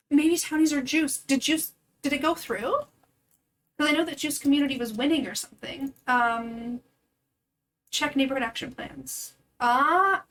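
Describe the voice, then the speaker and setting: Young woman streamer, high voice, chatty and giggly, casual game commentary. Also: a bit bright, low-quality recording. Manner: chatty, giggly, talking to chat.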